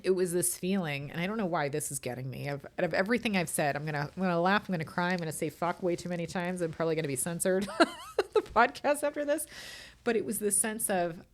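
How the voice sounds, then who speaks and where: A middle-aged woman talks alone into her podcast microphone, her voice sitting a little low for a woman. She speaks candidly and swears freely. She is tearful and holds back sobs as she goes. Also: fast. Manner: candid and emotional, frequent swearing. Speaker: podcast host. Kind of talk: casual solo podcast monologue.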